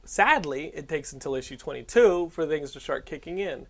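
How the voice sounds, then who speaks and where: A man's voice: fairly high pitch, expressive, normal speed, gravelly. A man hosting a podcast in casual, profane, joking chat with friends. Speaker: podcast host.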